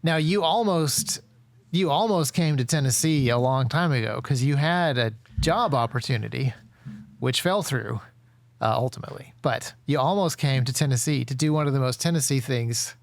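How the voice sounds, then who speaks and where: A male podcast host with a gravelly, creaky voice and a mid-range pitch. He rambles loosely, piling up fillers and restarting his sentences. The sound is close and dry, with no room echo. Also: moderate pace. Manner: rambling, many fillers and self-corrections. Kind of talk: casual interview chat.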